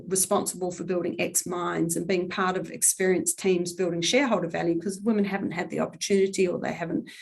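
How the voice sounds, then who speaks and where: Middle-aged woman, slightly low voice; candid, earnest guest speaker who pauses to think. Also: creaky. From New Zealand. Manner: earnest, candid, thoughtful, pauses often with ums. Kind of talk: earnest talk on workplace equality.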